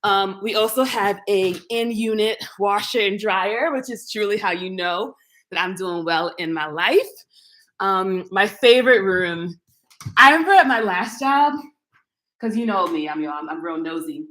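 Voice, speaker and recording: A young woman chats on a live stream as she walks through her modern apartment, playful and talking straight to her viewers. Her voice sits at an everyday pitch, and the rooms around her have a noticeable echo. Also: lively intonation, normal speed, fairly bright tone. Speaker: YouTuber giving an apartment tour. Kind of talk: casual live-stream chat. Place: modern open-plan apartment, indoors. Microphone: camera mic, walking through rooms.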